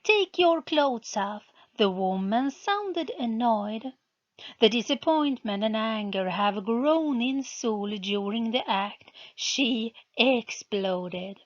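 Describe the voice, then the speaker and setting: Slow, careful woman storyteller. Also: on the high side, lively intonation, lo-fi sound. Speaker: reader, channel host. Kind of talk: storybook narration.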